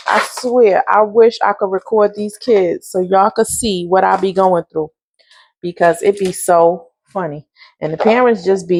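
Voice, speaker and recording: A woman's voice: mid-range voice, steady tone, normal speed. Bus driver lady chatting in her kitchen, laughing a lot while she cooks. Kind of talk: casual cooking vlog. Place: home kitchen, at the sink.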